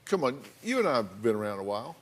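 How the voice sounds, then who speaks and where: A man's voice: medium pitch, big pitch swings. Folksy man hosting a talk show. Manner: folksy, probing, reads letters aloud slowly. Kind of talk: studio interview. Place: television studio.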